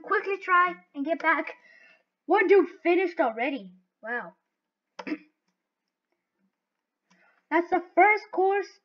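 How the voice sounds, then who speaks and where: A woman giving live gameplay commentary, excitable and talking to herself as she plays. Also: extremely high pitch. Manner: excitable, talks to herself while playing. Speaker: gaming video host. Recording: dull lo-fi recording.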